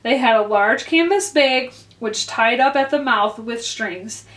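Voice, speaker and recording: A woman's voice: fairly high pitch, a little slow. Woman reading a storybook aloud in a roomy room. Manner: clear, expressive read-aloud. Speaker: librarian reading to children. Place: library. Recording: roomy echo.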